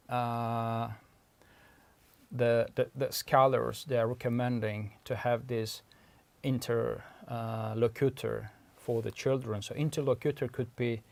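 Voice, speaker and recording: In an explanatory lecture, a man who researches language speaks with an Uzbek accent, as Uzbek is his native tongue. He is patient and methodical, regularly stopping to clarify terminology. His mid-range voice is gravelly with a darkish tone.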